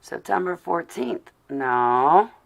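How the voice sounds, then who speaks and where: Her voice is lowish, creaky and expressive, and she speaks slowly. As host of a casual livestream, she chats with the audience and talks to herself while looking for something. She comes across as flustered, yet keeps giving affectionate shout-outs.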